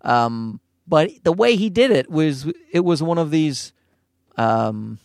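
Animated, profane man telling a story. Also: on the high side, measured pace, creaky, no echo, studio quality. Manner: animated, profane, laughing often. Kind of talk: casual storytelling.

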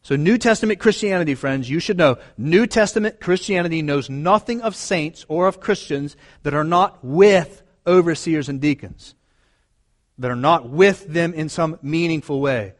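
A man's voice: on the high side, moderate pace. Earnest male pastor preaching. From United States. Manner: earnest, emphatic preaching with repeated phrases. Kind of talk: sermon.

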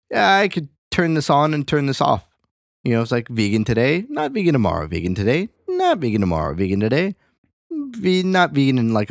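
Animated, swearing young man. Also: lowish voice, dry recording, studio quality. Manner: rambling, profane, animated. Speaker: podcast host. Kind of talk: casual chat.

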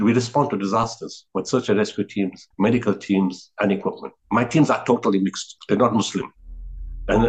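Heard on poor audio, this fairly low-pitched middle-aged man has a South African accent and is the founder of a relief organization, appearing as an interview guest. He reflects through stories with earnest delivery, frequently starting over and repeating words to drive points home.

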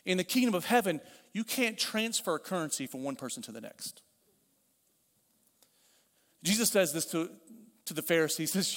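High-voiced preacher in an echoing hall. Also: male voice, animated, moderate pace, long pauses, fairly bright tone. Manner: conversational preaching with repeated phrases and asides. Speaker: pastor. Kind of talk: sermon. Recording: long hall reverb.

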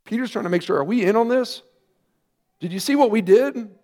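High-voiced man preaching a sermon. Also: animated, brisk. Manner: earnest preaching with rising emphatic questions and quiet asides. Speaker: pastor.

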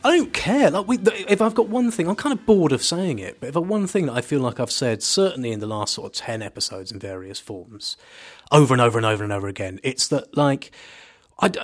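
A man co-hosting a podcast, talking in a casual, jokey, animated way with casual swearing. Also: mid-range voice. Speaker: podcast co-host. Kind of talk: casual chat.

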